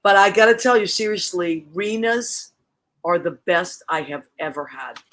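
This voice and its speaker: A woman's voice: fairly low pitch, normal speed. Chatty woman hosting an online show. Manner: chatty, warm, laughs easily, restarts often. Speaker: show host. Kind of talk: casual online chat show.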